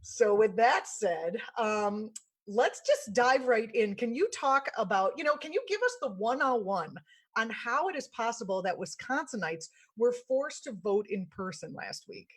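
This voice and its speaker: A woman's voice: a little high, expressive, a little slow, husky. A woman hosting an online political interview, reading intros and talking in an upbeat way. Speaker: host.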